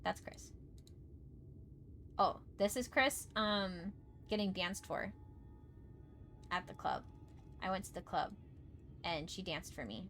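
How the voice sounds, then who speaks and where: A woman streaming a video game, chatting casually, repeating herself and breaking into excited squeals. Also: lowish voice, takes it slowly, long pauses, a little hiss or hum. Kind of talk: casual gameplay livestream chat.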